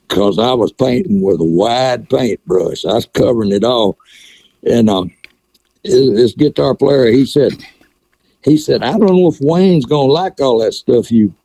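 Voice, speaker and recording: A man's voice: medium pitch, mellow, no echo. An older man telling stories in a folksy, rambling way, often restarting his sentences. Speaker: guitar session player, guest. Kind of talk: casual conversation, storytelling.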